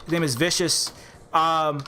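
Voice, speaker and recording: A man's voice: fairly high pitch, level tone, measured pace, bright, forceful tone, slight background noise. A man giving a rambling commentary vlog, with many restarts. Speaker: game developer and commentator.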